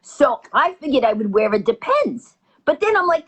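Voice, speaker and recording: A woman telling a comic story as an interview guest, fast and lively with punchy delivery. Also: sits high. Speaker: guest comedian.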